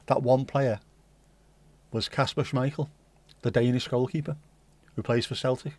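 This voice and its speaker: A man's voice: mid-range voice, steady tone, moderate pace, a little mellow, dry recording. A middle-aged man with a Liverpool accent, hosting a livestream and chatting casually to his live chat with jokey, rambling asides. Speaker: livestream host.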